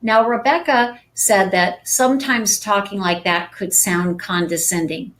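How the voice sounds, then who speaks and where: A woman real estate sales coach giving a calm, soft-spoken training talk on a live stream. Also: medium pitch, measured pace.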